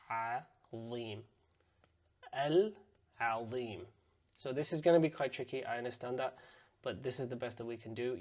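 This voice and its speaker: A man teaching word-by-word pronunciation, patiently sounding out words slowly and repeating them for learners. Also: mid-range voice, darkish tone. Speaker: Arabic and Quran teacher. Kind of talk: pronunciation lesson.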